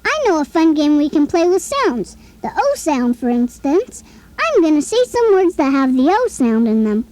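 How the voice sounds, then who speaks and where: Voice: high voice, big pitch swings, moderate pace, a little mellow, soft background music. An actor voicing a cheerful boy talking toy who chats with a child on a scripted play-along tape, chirpy and coaxing and always asking the listener questions.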